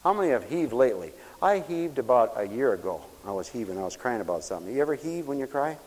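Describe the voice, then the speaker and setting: Male preacher, lively pitch, exclamatory sermon, long hall reverb. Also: fast. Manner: emotional, exclamatory, swings between hushed and loud.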